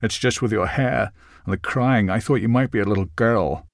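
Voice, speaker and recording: A man's voice: on the low side, moderate pace, vocal fry, no echo. A man acts out a tall, balding older man in a storybook reading, clipped and brusque. Every answer lands firm and final. His lines come across dry and close, with no room around them. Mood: gruff.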